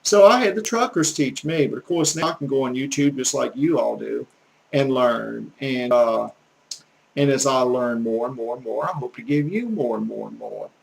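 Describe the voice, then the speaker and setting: Heard through poor audio, the speaker is an older Southern man from the Gulf Coast who teaches language and rambles casually through earnest, folksy stories with a preachy streak. He talks at a normal speed in a mid-range voice with vocal fry.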